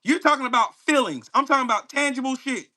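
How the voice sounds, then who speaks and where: A man's voice: very high-pitched, quick pace, pushed and bright. Angry profane man ranting at live chat. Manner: profane, mocking, confrontational. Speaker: livestream host.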